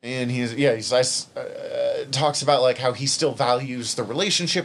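A man's voice: mid-range voice, moderate pace, gravelly. A man co-hosting a podcast, chatting casually and candidly about a TV show, often rambling and emotional. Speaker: podcast co-host. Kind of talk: casual chat.

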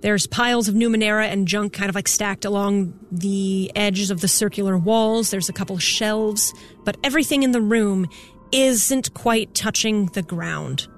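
A woman's voice: mid-range voice, moderate pace, a little hiss or hum. A woman narrating a tabletop game as game master, in a casual way full of fillers. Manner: casual, with many "like" and "kind of" fillers.

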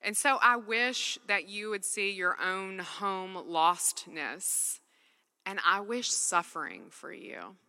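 A woman speaking from a stage at a faith gathering, giving an earnest personal talk in a loose, conversational way. Her voice sits low but has a strongly bright, forceful edge. Long reverb from a big hall trails each phrase. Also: clear, resonant tone. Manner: earnest, conversational, with frequent "like" fillers.

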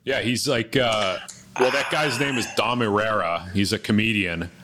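Low-voiced laid-back man chatting. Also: normal speed, noisy background. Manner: laid-back, rambling with many fillers. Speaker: podcast co-host. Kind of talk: casual chat.

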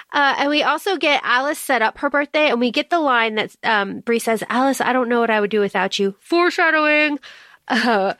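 A woman's voice: a little high, a bit bright, no room sound, studio quality. A woman co-hosting a podcast, chatting casually about a book, laughing and acting out quoted lines. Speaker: podcast co-host.

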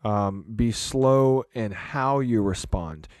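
A man's voice: mid-range voice, takes it slowly, darkish tone, no echo. Earnest male podcast host, dry sound. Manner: earnest, rambling with restarts and fillers. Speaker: podcast host, church leader. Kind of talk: casual podcast chat.

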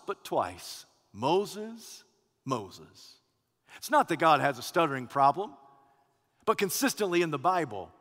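High-pitched guy preaching a sermon, big dramatic swings loud to soft, long churchy reverb. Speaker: pastor. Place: church sanctuary.

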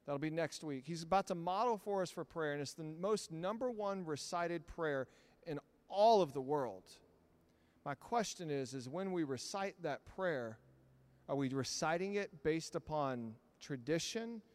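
A man's voice: on the high side, expressive, a little slow. Man preaching with rising fervor. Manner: dynamic preaching, swinging between hushed storytelling and loud emphatic peaks. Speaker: pastor. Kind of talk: sermon. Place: church sanctuary.

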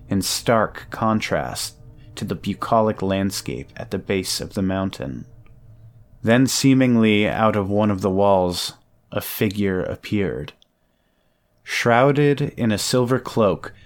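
A man narrating a first-person audio drama in a measured storytelling way. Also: on the low side. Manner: measured storytelling, nervous stammer in own lines.

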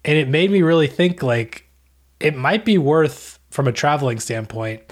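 A man co-hosting a podcast in casual chat, telling a travel story with deadpan jokes and a rambling manner. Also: on the high side, normal speed. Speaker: podcast co-host.

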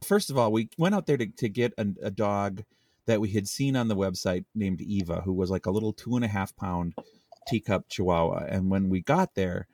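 A man's voice: lowish voice, moderate pace, a little mellow, no echo, clean studio sound. A man co-hosting a podcast, telling a rambling, self-interrupting story in casual chat. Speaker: podcast co-host.

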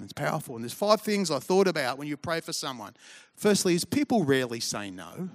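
Pastor preaching with easy humor. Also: male voice, a little high, sing-song, fast talker. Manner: conversational and humorous, with storytelling asides. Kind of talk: sermon.

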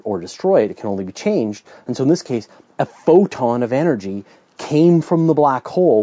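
A man's voice: medium pitch, warm tone, husky, dry recording, muffled recording. A middle-aged Canadian man hosting a question-and-answer podcast, explaining science in a casual, chatty way with restarts and asides. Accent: Canadian English.

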